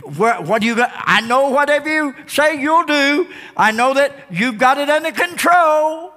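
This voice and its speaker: A man's voice: extremely high pitch, lively intonation, moderate pace, pushed and bright, voice pushed up, exaggerated voice. A man voicing an exasperated woman who scolds with impatient questions. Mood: scolding. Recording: long hall reverb.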